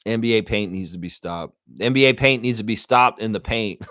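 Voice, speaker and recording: A man's voice: on the low side, moderate pace, a bit bright, dry recording, studio quality. A man hosting a live fan reaction show, ranting in a profane, exasperated way with repeated outbursts. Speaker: sports show host.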